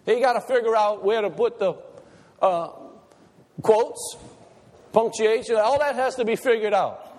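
A man's voice: sits high, unhurried, long pauses, darkish tone. A man preaching a sermon to a congregation, asking them questions and repeating his points for emphasis. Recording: reverberant church hall.

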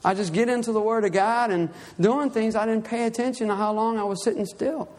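A man with a notably high voice preaches fairly quickly, going from a Bible reading into a lively personal testimony. He acts out his own cries while telling the story, and the sound fades in a long reverb.

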